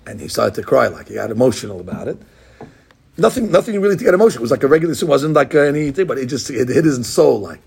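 A man's voice: mid-range voice, big pitch swings, very fast, vocal fry, a little mellow, husky. A middle-aged man, a rabbi, gives an informal Torah class, talking conversationally with digressions and many restarts.

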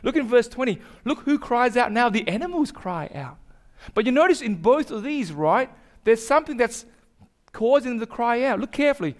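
A man delivers a sermon from the pulpit in a notably high voice. He preaches earnestly, repeating his points and pressing them harder as he goes. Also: big pitch swings, normal speed. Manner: earnest, repetitive, building in intensity. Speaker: pastor.

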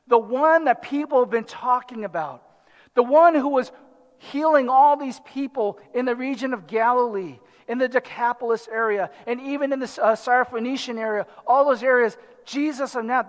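A man with a strikingly high voice delivers an expository sermon, reading a passage and then retelling it with lively acted-out quotes. His voice rings through a hall with a long reverb. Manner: animated, dramatizes the crowd and the blind man in quotes. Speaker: preacher.

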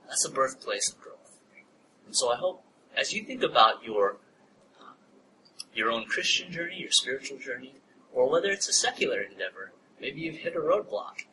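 Male pastor, animated storyteller turned hushed preacher, mic set back, room noise. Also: mid-range voice, moderate pace. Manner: animated storytelling, laughs at own story, drops to a soft near-whisper when preaching. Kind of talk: sermon with personal story. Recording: distant mic, noisy room ambience.

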